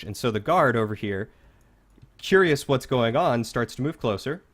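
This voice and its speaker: A man's voice: mid-range voice, lively intonation, moderate pace, a bit bright. Casual man running a tabletop game. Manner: casual, filler-heavy narration. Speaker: game master.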